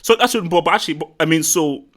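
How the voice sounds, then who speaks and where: A man's voice: on the high side, fast. A man hosting a casual live football chat, rambling and repeating himself as he talks. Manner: rambling, repeats words, animated. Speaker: livestream host.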